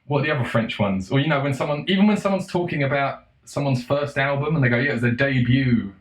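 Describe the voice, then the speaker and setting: A man's voice: on the high side, animated, fast talker, echoey room, poor audio. Sweary exasperated man ranting. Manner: exasperated, sweary, sarcastic, with laughs. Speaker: vlogger. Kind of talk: casual ranting monologue.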